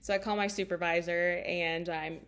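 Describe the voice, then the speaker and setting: Woman, 30s, life coach; open, emotional storyteller, slightly low voice, lots of ums. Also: steady tone, normal speed, fairly bright tone, clear, resonant tone. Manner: candid and emotional, with many fillers. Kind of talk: personal storytelling talk.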